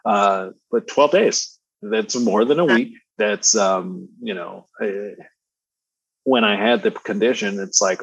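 A man with a baritone voice chatting as a podcast guest, slangy and laid-back, laughing often. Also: slow pace, vocal fry, husky, no echo, low-quality recording. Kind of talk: casual conversational storytelling.

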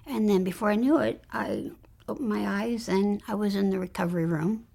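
A woman guest in an interview, earnestly recounting a personal spiritual experience and often dropping into a hushed whisper. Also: medium pitch, lively intonation, normal speed, vocal fry. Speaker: guest telling her near-death story.

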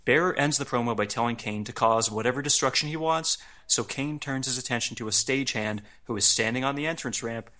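Bright-voiced male podcast host. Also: mid-range voice, a little fast, hardly any pauses. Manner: recaps events in a relaxed, amused tone with frequent laughs. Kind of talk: casual wrestling recap chat.

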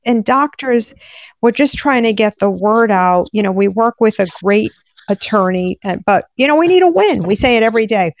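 A woman patient advocate from Rhode Island, speaking with urgency in a live-stream discussion and breaking into quick, animated bursts. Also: fairly high pitch, gravelly, dry recording.

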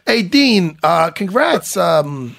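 A man hosting a podcast as a former fighter, in casual chat that is loud, profane and teasing. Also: sits high, sing-song, slow pace, creaky, no room sound, clean studio sound.

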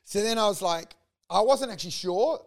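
High-voiced man telling a wild story. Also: moderate pace, gravelly. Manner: animated, laughing storyteller who acts out quotes. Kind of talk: casual storytelling chat.

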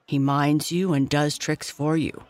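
A bedtime-story narrator voicing Mister Drake, a fair-minded male circus owner, in a near-natural, measured voice. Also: medium pitch, steady tone, close to an everyday voice.

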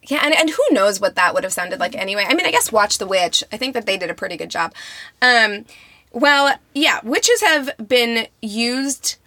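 A woman's voice: fairly high pitch, animated, moderate pace, bright, forceful tone, no room sound. A woman hosting a podcast in casual chat, speaking conversationally with frequent um and you know. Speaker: podcast host.

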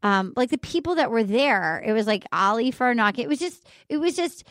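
A woman comedian hosting a casual chat, animated and quick to jump in. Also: on the high side, dry recording, clean studio sound. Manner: animated, eager interjections.

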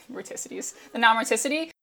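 Chatty woman with a bright voice. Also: fairly high pitch, lively intonation, brisk, vocal fry, a little hiss or hum. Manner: chatty, with many fillers and laughs. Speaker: guest commentator. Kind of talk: casual chat.

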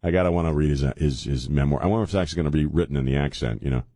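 Man, radio talk host, very low voice, dry close sound, sarcastic, rambling banter. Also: very fast, mellow, no room sound. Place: radio studio. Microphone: studio microphone.

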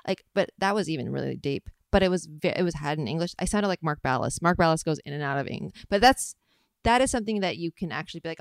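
A woman's voice: deep voice, lively intonation, fast, gravelly, clear, resonant tone, dry recording, clean studio sound. A young adult woman interviewing guests, talking openly and reflectively in a loose, rambling way. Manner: open, rambling, self-reflective, laughs often. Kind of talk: candid conversational interview.

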